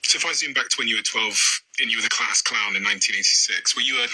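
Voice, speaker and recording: A male interviewer asking measured, probing questions. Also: on the low side, pushed and bright, slightly rough, rough recording.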